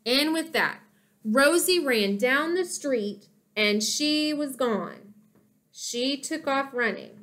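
A woman reads a children's chapter book aloud as an audiobook, telling the story expressively. Her fairly high voice is very lively in pitch, and she takes a slow, deliberate pace.

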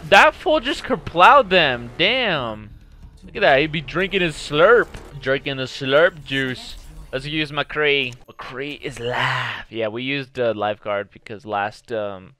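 A young man giving loud, excitable gameplay commentary, swearing and trash-talking his teammates and opponents. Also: medium pitch, clean tone. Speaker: gaming YouTuber.

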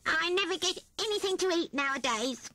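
A woman voicing a thin, hungry male rat who whines and pleads in a high voice. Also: expressive, moderate pace, sharp tone, full character voice. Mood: whining. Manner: whining, high and squealing.

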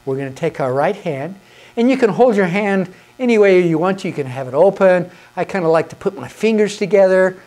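A woman's voice: lowish voice, expressive, fairly quick, mellow. A woman giving a patient, encouraging lesson on conducting hymns, counting the beats aloud. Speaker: music teacher.

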